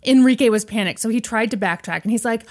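Woman, podcast host, chatty storyteller who acts out the quotes. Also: on the high side. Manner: animated, quotes characters in quick asides. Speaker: podcast host retelling a film plot. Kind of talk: casual storytelling chat.

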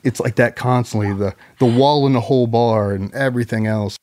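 A man's voice: medium pitch, steady tone, fairly quick, darkish tone. A man telling rambling, profane anecdotes as a podcast guest in casual conversation. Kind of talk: casual storytelling.

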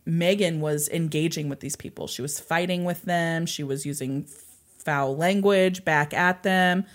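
Woman telling a story on a podcast. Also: lowish voice. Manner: retells the story at length with frequent "like" and "and so". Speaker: podcast co-host.

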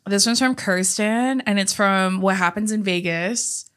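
A woman's voice: medium pitch, measured pace, a bit bright, smooth. A young woman co-hosting a casual chat, reading out listener comments and recalling movie lines. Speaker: podcast co-host.

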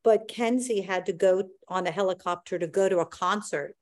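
A woman's voice: medium pitch, moderate pace. Woman on a podcast, rambly storytelling, mid voice. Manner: rambling, anecdotal. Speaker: podcast co-host. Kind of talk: casual chat.

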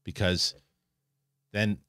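A man hosting an online show, giving a casual spoken review of a TV episode, animated and full of restarts. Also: no echo, studio quality. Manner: animated, restarts often, acts out characters in quick asides.

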